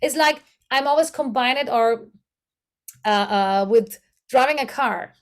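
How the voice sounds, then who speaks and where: A woman with a German accent and a high-pitched voice speaks slowly while teaching a voice workshop as a voice coach. She searches for English words and demonstrates vocal exercises.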